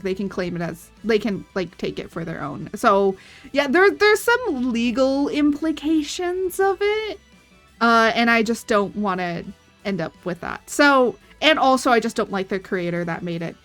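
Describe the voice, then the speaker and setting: A woman's voice: fairly high pitch, fairly bright tone. A woman chatting casually on her art livestream, rambling and giggling as she retells stories. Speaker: streaming artist. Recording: faint background music.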